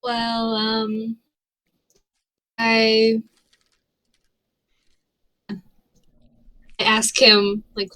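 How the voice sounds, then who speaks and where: A woman's voice: a little high, very animated, drawn-out words, pauses often, pushed and bright, dry recording, rough recording. A woman playing a tabletop game, talking hesitantly and giggling as she describes her character's actions. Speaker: player. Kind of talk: casual play, speaking in character.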